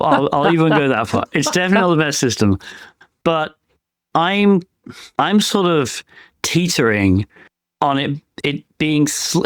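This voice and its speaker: A man's voice: medium pitch, no room sound, studio quality. A man co-hosting a podcast in casual chat, giving his opinions as he thinks them through. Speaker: podcast co-host; penetration tester.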